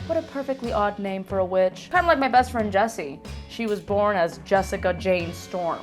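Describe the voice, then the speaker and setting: A young woman vlogging a comedic countdown, playful and animated, tossing in Spanish words. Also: mid-range voice. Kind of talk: casual comedic countdown vlog. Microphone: lapel mic.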